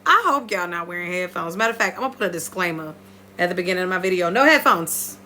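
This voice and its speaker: A woman talking viewers through her makeup in a playful, chatty tutorial, breaking into high squeals now and then. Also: fast talker, a little hiss or hum. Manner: lively, playful, talks straight to viewers. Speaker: beauty vlogger.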